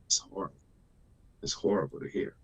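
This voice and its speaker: A man in his thirties, born in Iran, chatting emotionally and laughing often on a live stream. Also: a little fast. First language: Persian. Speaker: co-host. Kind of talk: casual live-stream chat.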